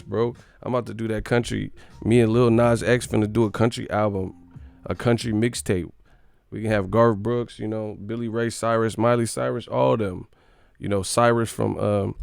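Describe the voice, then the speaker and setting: Slangy, animated male live streamer. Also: fairly low pitch, normal speed, gravelly, clear, resonant tone, no room sound. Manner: animated, slangy, laughs often. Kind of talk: casual live-stream chat.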